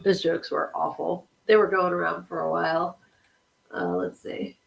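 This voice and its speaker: A woman's voice: fairly low pitch, big pitch swings, normal speed, vocal fry, poor audio. A woman hosting a casual livestream podcast, giggling as she reads corny jokes from the chat. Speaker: podcast host.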